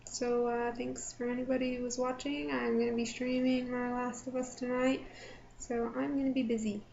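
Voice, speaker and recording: A woman's voice: fairly high pitch, little pitch movement, moderate pace, gravelly, darkish tone. A young woman vlogger casually recapping a live event she watched, chatty and full of filler words. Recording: slightly dull lo-fi audio with faint background noise.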